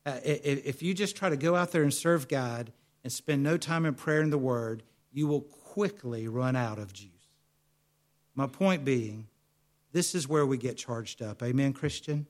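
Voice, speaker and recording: A man's voice: medium pitch, a little slow. Male American pastor, sermon delivery, question-and-answer storytelling. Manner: storytelling, asks and answers his own questions.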